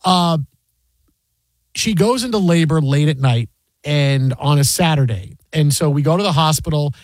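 A middle-aged man hosting sports radio, animated and storytelling, acting out the voices he quotes. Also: fairly high pitch, moderate pace, no echo. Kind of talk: casual sports talk.

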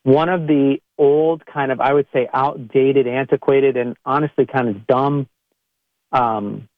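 A man's voice: mid-range voice, steady tone, a little slow, dry recording. Man with a tinny phone-like sound. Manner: conversational, acts out quoted people in a raised voice. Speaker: chiropractor. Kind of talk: podcast monologue to listeners.

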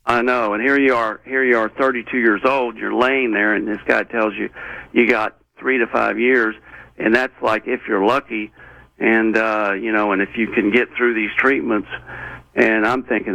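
A man as an interview guest, telling a personal story in an earnest, rambling way with many halting restarts. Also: fairly low pitch, fairly even intonation, creaky, sharp tone, no room sound, highs cut off.

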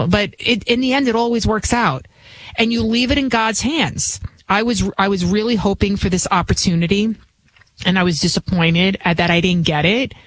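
A woman from the Bronx with a New York accent, hosting a talk radio show in a chatty, rambling, emphatic monologue. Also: medium pitch. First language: not English. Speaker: guest radio host.

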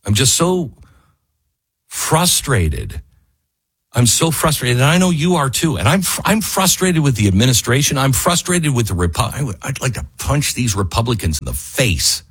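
Male radio talk host, husky, voice swings wide when worked up, fiery monologue. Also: mid-range voice, sing-song, moderate pace. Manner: rising to near-yelling, fiery and exasperated. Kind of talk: impassioned political monologue. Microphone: studio microphone.

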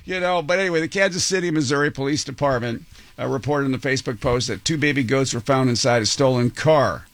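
A man's voice: mid-range voice, quick pace, dry recording. A man hosting a radio morning show, chatting and reading odd news stories with frequent chuckles and stumbling restarts. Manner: chuckling, jokey, trips over words and restarts. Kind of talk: casual on-air banter and news reading. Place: radio studio.

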